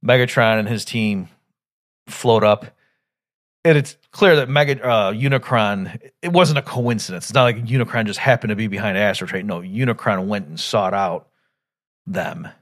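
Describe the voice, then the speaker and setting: A man with a fairly low voice hosts a podcast, talking loosely through an old animated film. He thinks aloud, doubles back on his own sentences and jumps into loud bursts when he quotes the characters. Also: moderate pace. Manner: rambling, thinks aloud with many restarts; acts out quoted lines with sudden loud jumps. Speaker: podcast host. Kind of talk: casual film commentary.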